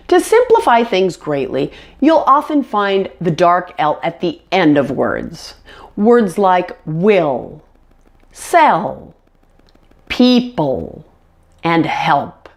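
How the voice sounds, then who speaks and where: A woman teaching English pronunciation, clearly modeling words for learners to repeat. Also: medium pitch. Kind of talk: online pronunciation lesson. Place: indoors, on camera.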